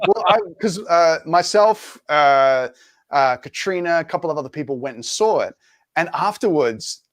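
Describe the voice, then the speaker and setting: An Australian man, an actor guest, chatting casually on a podcast, laughing often and telling stories with lively energy. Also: fairly high pitch, normal speed, dry recording.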